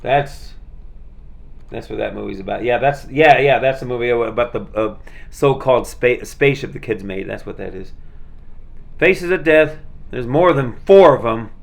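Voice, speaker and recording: A man's voice: mid-range voice, normal speed, vocal fry. A man chatting casually and rambling through his collection, with lots of fillers and restarts. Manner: rambling, many fillers and restarts, laid-back. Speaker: vlogger showing his movie collection.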